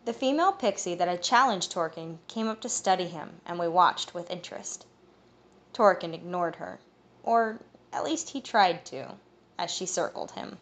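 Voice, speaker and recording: Woman with a low gravelly voice. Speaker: audiobook narrator. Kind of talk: first-person audiobook narration.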